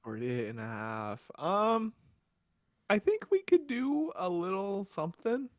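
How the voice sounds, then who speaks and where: A man co-hosting a casual podcast chat, talking in halting bursts with frequent restarts and easy laughter. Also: high-pitched, sing-song, no echo, clean studio sound. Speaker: podcast co-host.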